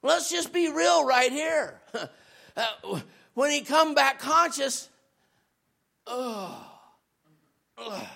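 A man preaching a sermon as a guest preacher, talking to the congregation in a loose, conversational way. He rises to shouts at points and drops lower and slower when he reads scripture. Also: gravelly. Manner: conversational and animated, rising to shouts.

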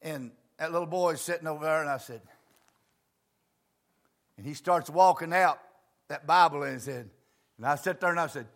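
A man preaching a homespun storytelling sermon in plain words, dropping to low murmurs and rising to fervent shouts. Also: a little fast. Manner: plain homespun phrasing with many asides.

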